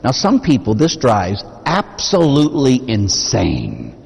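A man's voice: mid-range voice, wildly swooping pitch, slow, gravelly, breathy edge. A man preaching a sermon as a Catholic priest, talking conversationally and posing rhetorical questions to the congregation. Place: church. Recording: long reverb of a church.

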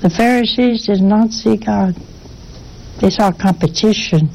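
A woman's voice: medium pitch, measured pace, creaky, darkish tone, a little hiss or hum, rough recording. A woman giving a sermon in a folksy, conversational way, often asking her listeners rhetorical questions. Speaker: preacher.

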